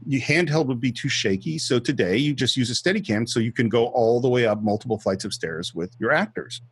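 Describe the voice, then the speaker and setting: A man's voice: mid-range voice, fairly quick, breathy edge. A man co-hosting a film podcast, talking through movie scenes and behind-the-scenes trivia in a casual chat.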